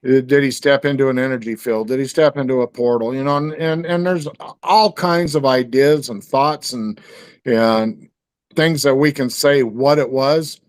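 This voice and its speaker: A man's voice: medium pitch, steady tone, normal speed, dry recording. A man telling a story in casual conversation, rambling, with many fillers and restarts. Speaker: guest.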